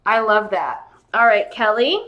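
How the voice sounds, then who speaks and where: A woman's voice: mid-range voice, measured pace, lo-fi sound. Giddy, gushing woman selling jewelry live. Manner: excitable, gushing, addresses viewers by name. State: giddy and tired late at night. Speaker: live-stream jewelry seller. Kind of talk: casual live-stream selling chat.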